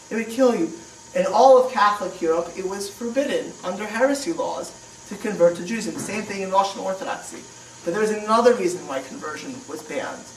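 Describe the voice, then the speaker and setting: A man gives a classroom history lecture, talking in a loose, conversational way full of restarts and questions to the room. He sounds roomy and set back from the microphone, with faint noise behind him. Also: high-pitched. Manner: conversational, repeats and restarts, asks rhetorical questions. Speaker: rabbi lecturer. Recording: echoey room, mic far off, faint noise.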